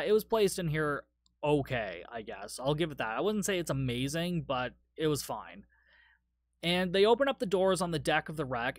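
A man's voice: a little high, fairly bright tone, dry recording. Tired, profane man recapping a movie. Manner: casual and profane, rambling recap. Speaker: podcast host. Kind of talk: solo movie review podcast.

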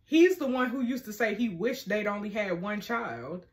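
A woman, casually reading a story game's dialogue aloud and reacting with animated, laughing asides. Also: medium pitch, moderate pace. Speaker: narrating and reacting to a story game.

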